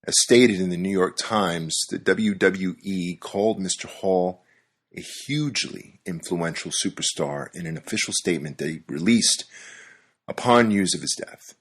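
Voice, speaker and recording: A man's voice: deep voice, a little slow. A man hosting a podcast, reading scripted narration with wry, dry-humored storytelling. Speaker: podcast host.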